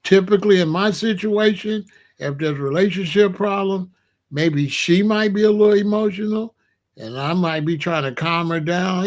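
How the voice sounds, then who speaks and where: A middle-aged man, hosting a casual livestream, blunt and animated as he asks his chat for examples. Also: high voice, a little slow. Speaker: livestream host.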